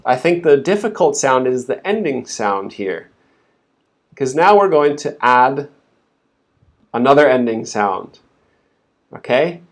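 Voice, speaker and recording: A man's voice: mid-range voice, sing-song, takes it slowly, pauses often. A man teaching English pronunciation in a live stream, patiently breaking words into sounds and repeating them for learners to copy.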